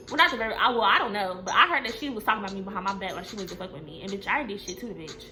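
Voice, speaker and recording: A young woman from Texas telling a workplace storytime in a casual monologue, blunt and profane, jumping up in pitch as she acts out quotes. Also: rapid-fire, hardly any pauses. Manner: blunt, profane and animated, acting out quotes with big pitch jumps.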